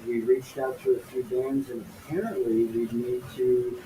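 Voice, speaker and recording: A man's voice: mid-range voice, normal speed, dark tone. A man co-hosting a podcast, talking loosely and swearing in casual chat. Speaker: podcast co-host. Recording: echoey room, faint background noise.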